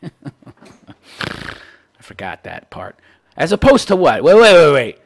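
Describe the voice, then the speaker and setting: Gravelly man ranting with swinging pitch. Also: huge pitch swings, measured pace. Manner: profane and sarcastic, repeats "wait, wait". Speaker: host of a call-in commentary show. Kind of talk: ranting commentary on a listener's letter.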